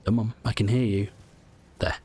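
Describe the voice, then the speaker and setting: A man's voice: lowish voice, fairly even intonation, moderate pace, dark tone, a little hiss or hum. A man casually commenting as he plays through a game, explaining tips and muttering asides to himself. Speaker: gameplay walkthrough host.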